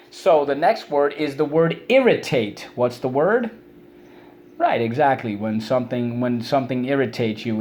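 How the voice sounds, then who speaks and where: Brief: male teacher, mid-pitched voice, lively repeat-after-me phonics drill, faint hiss under the recording. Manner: energetic, calls out words for students to repeat. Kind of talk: phonics vocabulary lesson for children.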